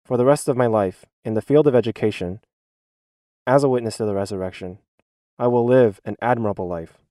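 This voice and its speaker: A man voicing a schoolteacher's church testimony as a dubbed voice-over, in an earnest, measured reading. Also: medium pitch, warm tone, no room sound.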